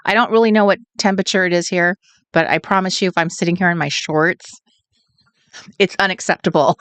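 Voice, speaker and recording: A woman's voice: fairly low pitch, steady tone, brisk, a bit bright, no echo. A woman from California hosting a late-night craft livestream, chatting and greeting viewers in a giggly, sing-song way. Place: home, at night.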